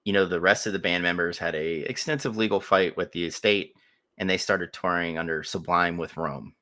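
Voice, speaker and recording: A man's voice: low-pitched, brisk, sharp tone. A man co-hosting a podcast in casual chat, telling stories with a lot of swearing and laughter. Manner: profane, laughing storyteller. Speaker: podcast co-host.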